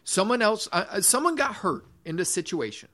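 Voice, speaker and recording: A man's voice: high-pitched, sing-song, brisk, pushed and bright. A man preaching a sermon in earnest, repeating his phrases, restarting sentences and reading scripture aloud. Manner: reads scripture in old-fashioned phrasing. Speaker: pastor.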